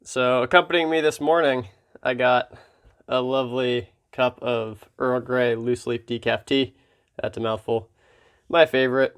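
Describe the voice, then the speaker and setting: A man from Pennsylvania hosts his knife vlog in a relaxed, wry way, scattering ums as he goes. His mid-pitched voice is smooth underneath, though slightly froggy and hoarse today. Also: unhurried. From Pennsylvania, USA. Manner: laid-back and wry, with filler ums. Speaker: knife channel host. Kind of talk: casual hobby vlog talk.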